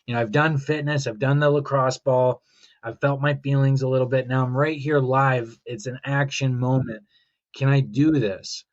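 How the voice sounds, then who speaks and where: A man's voice: mid-range voice, steady tone, moderate pace, dull audio. Reflective man telling a rambling story. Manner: reflective, rambling, quotes his own thoughts. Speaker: podcast guest. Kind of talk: casual conversational storytelling.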